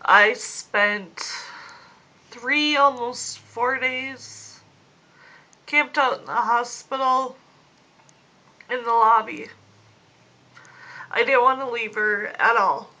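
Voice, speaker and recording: A woman in her late twenties speaking a personal video diary into a phone, grieving, slow and halting, fighting back tears. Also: fairly high pitch, pushed and bright, low-quality recording. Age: 20s. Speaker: vlogger. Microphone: phone camera.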